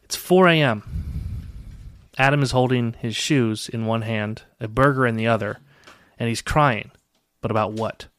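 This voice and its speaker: Male co-host, casual comedy podcast banter, relaxed, laughs a lot, dead-dry mic. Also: medium pitch, moderate pace, pauses often, no room sound. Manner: laid-back, laughs often.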